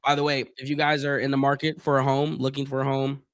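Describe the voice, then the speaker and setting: A man's voice: mid-range voice, monotone, quick pace, a bit bright, no room sound. Man calling a game with a dry close voice. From Northeast Ohio. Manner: loose slangy talk, clears throat often. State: losing his voice a bit. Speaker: livestream host doing play-by-play. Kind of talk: casual live play-by-play and chat.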